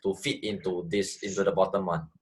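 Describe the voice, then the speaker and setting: In an online tutoring lesson, a man with a low-pitched, level voice explains math briskly, step by step. He repeats phrases and checks that his student is following.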